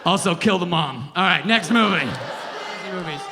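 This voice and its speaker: A man doing a brash, profane stand-up comedy set on a theater stage, shouting his punchlines. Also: sits high, expressive, moderate pace. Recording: live theater with reverb and audience noise.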